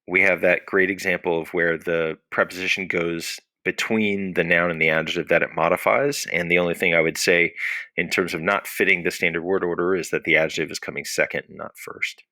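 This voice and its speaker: A man's voice: sits low, creaky, bright, forceful tone, no echo. A man teaching a recorded Latin lesson, explaining patiently and asking questions that he answers himself.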